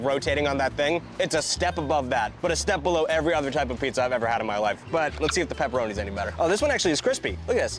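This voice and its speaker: A man giving a casual food review in a video, excitable and profane, with quick asides. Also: fairly high pitch.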